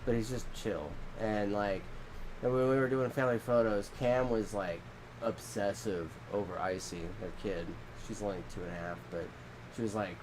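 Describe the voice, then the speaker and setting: A man's voice: normal speed, a little mellow, slight background noise. Rambling podcast guy with a head cold. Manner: rambling storytelling, acts out quotes in squeaky voices. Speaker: podcast co-host. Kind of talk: casual chat.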